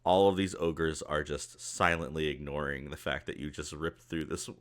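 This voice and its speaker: A man's voice: rumbling low, steady tone, moderate pace, fairly bright tone. A man narrating a tabletop game as game master, loose and conversational with many fillers.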